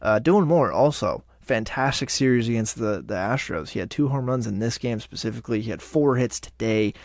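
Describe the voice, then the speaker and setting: A man hosting a podcast, recapping baseball games in an animated, profane, excitable way. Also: medium pitch, brisk, no echo, studio quality. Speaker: podcast host. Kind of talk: casual sports recap.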